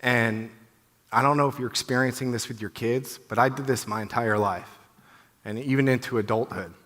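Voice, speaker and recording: A man's voice: medium pitch, steady tone, moderate pace, a bit bright. A man in his thirties giving a heartfelt, candid talk at a conference, conversational and full of "you know"s. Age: 30s. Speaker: conference speaker. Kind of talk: personal testimony talk. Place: conference hall. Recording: long reverb of a large hall.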